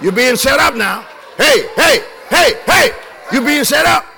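A man preaching a lively sermon to a live congregation, shouting and laughing as he leads the crowd in call-and-response chants. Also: very high voice, a little slow, vocal fry, slight background noise. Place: live church service before a congregation, also streamed.

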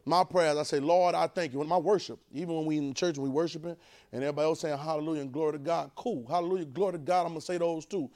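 A man preaching a sermon, urging the congregation to repeat lines after him and swinging between quiet, drawn-out talk and loud bursts. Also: on the high side, steady tone.

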